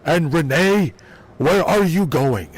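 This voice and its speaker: A man doing a comedic impression of a boastful older tough-guy ex-wrestler politician, in a slow, gravelly drawl. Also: on the high side, animated, exaggerated voice. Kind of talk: comedic impression while gaming.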